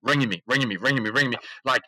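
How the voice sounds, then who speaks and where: A man's voice: mid-range voice, racing, no room sound, rough recording. A man telling a story in casual, slangy talk as a podcast guest, acting out the quotes. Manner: animated, slangy, acts out quotes. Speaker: podcast guest, esports CEO.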